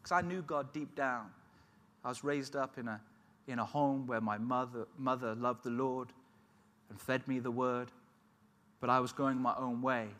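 A man's voice: medium pitch, steady tone, normal speed, fairly bright tone. A middle-aged man giving an emotional personal testimony as a sermon, telling his story earnestly. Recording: long hall reverb.

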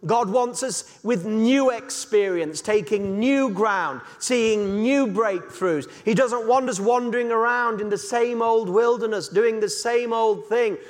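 High-voiced impassioned preacher. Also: male voice, unhurried, few pauses. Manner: impassioned, building to shouts. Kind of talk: sermon. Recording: echoey hall reverb.

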